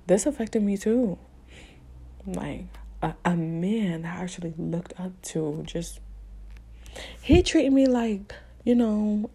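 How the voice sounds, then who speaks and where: A woman's voice: on the low side, mellow. A young woman telling a personal story in a candid, emotional way, talking casually with blunt slang and plenty of fillers.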